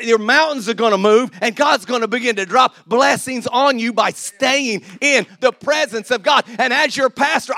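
A man preaches a lively sermon in a fairly high voice, picked up dry and close on a mic. He swings from loud exhortations to quiet, laughing asides. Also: dry recording. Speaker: pastor. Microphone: handheld or stage mic.

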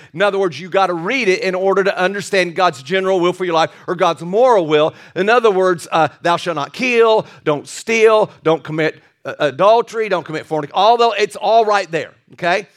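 High-voiced joking older preacher. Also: male voice, a bit bright. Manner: folksy and joking, with many restarts and asides. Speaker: pastor. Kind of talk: sermon.

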